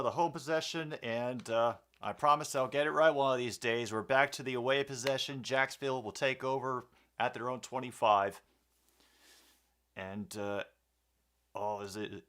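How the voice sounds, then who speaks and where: A man's voice: medium pitch, moderate pace, a bit bright. Chatty man calling a game casually. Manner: chatty, rambling, with many fillers and restarts. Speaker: host of a sports commentary stream. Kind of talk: casual play-by-play commentary and viewer chat.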